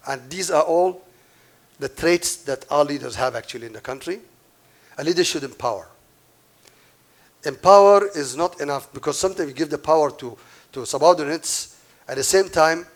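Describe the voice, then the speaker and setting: A man delivers a conference keynote in a somewhat raised voice. He is emphatic, stacks up points and repeats the ones that matter most. He breaks off now and then to address the audience directly. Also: a little high. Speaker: keynote speaker.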